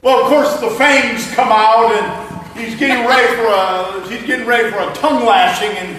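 A man's voice: very high voice, fairly even intonation, moderate pace, fairly bright tone, a little hiss or hum. A man preaching a sermon as a pastor, conversational and joking with the congregation. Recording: echoey hall mic from far off.

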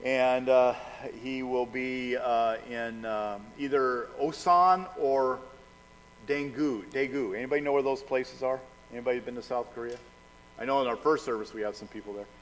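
An older man, a pastor, leading a church service with questions, a prayer and chatty announcements, in a folksy storytelling way. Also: mid-range voice. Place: church sanctuary. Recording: long hall reverb.

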